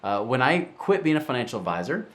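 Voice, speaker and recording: A man's voice: medium pitch, fast. A middle-aged man hosting a finance show, talking casually to camera and acting out the voices of people in his stories. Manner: animated storyteller, acts out quoted voices. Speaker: show host.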